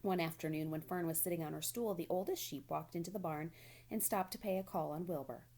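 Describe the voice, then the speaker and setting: A woman reading a children's novel aloud in a gentle, even storytelling manner. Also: fairly low pitch, fairly quick. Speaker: storybook reader.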